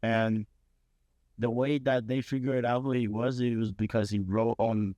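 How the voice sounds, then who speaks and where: A man's voice: medium pitch, little pitch movement, a little slow, dark tone, no echo, lo-fi sound. Playful teenage guy co-hosting. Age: late teens. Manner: playful, defensive, jokey. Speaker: podcast co-host. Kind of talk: casual chat.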